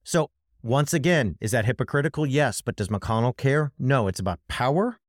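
Here a man co-hosting a podcast riffs on politics at a moderate pace, his mid-range voice expressive, impassioned and emphatic. He's clearly worked up and speaks right to his co-host in this casual commentary, captured as clean studio sound with no echo.

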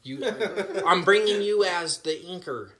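Brief: male podcast co-host, slightly higher voice, boastful teasing banter, laughs a lot. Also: a little slow, crowd noise. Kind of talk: casual joking chat.

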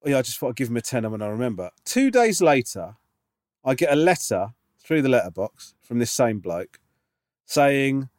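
A man's voice: mid-range voice, sing-song, moderate pace, a little mellow, no room sound, studio quality. A man co-hosting a podcast, telling rambling, sweary anecdotes in casual chat. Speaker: podcast co-host.

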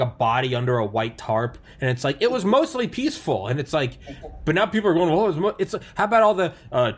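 A man talking heatedly in a podcast discussion, swearing often and mocking others by putting on their voices. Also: mid-range voice. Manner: animated, profane, mocking impressions of others. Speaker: podcast panelist.

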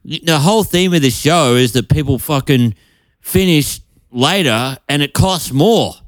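A man co-hosting a comedy podcast over a video call, rambling and stammering as he pitches a joke, often laughing at himself. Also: animated, a little slow, no room sound, studio quality. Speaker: podcast co-host. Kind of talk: casual comedy chat.

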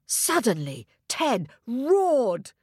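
A woman narrating a children's story expressively and gently, speaking to young listeners. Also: on the high side, wildly swooping pitch, very slow, husky, no echo, clean studio sound.

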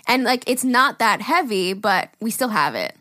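A woman from New York co-hosting a podcast, chatting casually, laughing often and swearing as she rambles fast. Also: on the high side, animated, bright, forceful tone, no room sound, clean studio sound. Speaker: podcast co-host. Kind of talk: casual chat. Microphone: studio mic.

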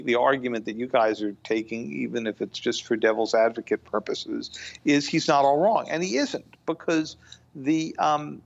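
A man speaking as a guest in a podcast discussion, measured and thoughtful, with frequent "you know" fillers. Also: mid-range voice, dull audio. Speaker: guest foreign-policy analyst.

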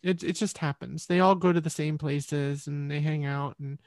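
A woman's voice: low-pitched, steady tone, moderate pace, a little mellow, no echo, studio quality. A woman musician, a guest in an interview, telling her story in a rambling, reflective way.

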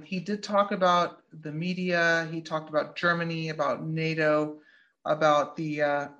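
A blunt talk-show host at a middle pitch walks through a speech piece by piece, swearing freely as the points come. The sound is dull and lo-fi, muffled at the top. The talk is casual and unpolished, full of fillers. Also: a bit bright. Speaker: podcast host.

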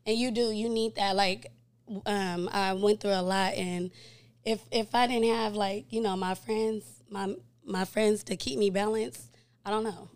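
A woman in casual chat, heartfelt and halting, often repeating words. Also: mid-range voice, fairly even intonation, darkish tone. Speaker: guest friend.

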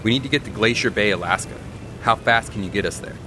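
A man's voice: on the low side, fast talker, bright, forceful tone, a little hiss or hum. A man voicing an eager young guy pushing his friends to move.

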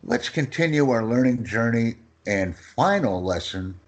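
A man teaching English phrases in a lesson, reading each phrase slowly and with emphasis for his student to repeat. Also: mid-range voice, animated. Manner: slow and emphatic, phrases stressed one by one.

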